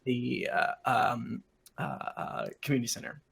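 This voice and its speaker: A man's voice: medium pitch, moderate pace, gravelly, a bit bright, husky. A man narrating as game master of a live-streamed tabletop game, in a rambling way with many fillers.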